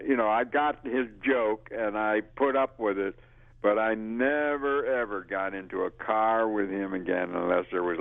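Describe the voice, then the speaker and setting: Brief: older male actor, very low and gravelly, animated anecdotes over a phone line. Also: dry recording. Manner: lively storyteller who acts out quotes and laughs. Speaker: actor interviewee. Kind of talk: casual anecdotal interview.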